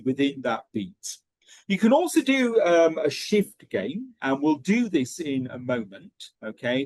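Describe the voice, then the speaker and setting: A man's voice: mid-range voice, breathy edge, no room sound. A man training teachers, explaining pronunciation methods step by step and checking in with a frequent "okay?".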